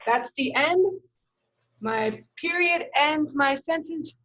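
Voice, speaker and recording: A young woman teaching kindergartners, her voice pitched high. She talks slowly and patiently, stretching words out and spelling them letter by letter as she shows how to write a sentence. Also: fairly bright tone, muffled recording. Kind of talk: live online lesson, modeling writing.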